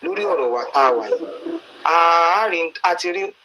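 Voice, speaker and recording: Earnest Nigerian male preacher, bright and pleading, recorded as a dull lo-fi voice note. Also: on the high side, expressive, normal speed. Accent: Nigerian, Yoruba-speaking. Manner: earnest, pleading, preachy, with Bible quotes and stories. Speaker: preacher addressing a campaigner. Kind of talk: exhortation mixing English and Yoruba.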